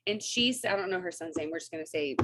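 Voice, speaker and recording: A woman, coaching her sales team on a video call in an energetic, chatty way and often checking in with "right?" and "okay?". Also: fairly low pitch, fast. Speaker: network marketing coach.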